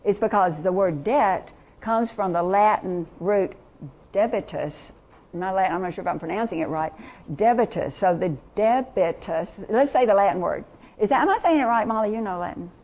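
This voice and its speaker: A woman's voice: medium pitch, a little fast, darkish tone. A middle-aged woman teacher leading an interactive workshop lesson, enthusiastic and quizzing her audience.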